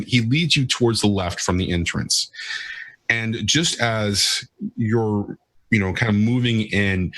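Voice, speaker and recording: A man narrating as game master for a tabletop game, halting, with many fillers and restarts. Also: fairly low pitch, fairly bright tone, dry recording.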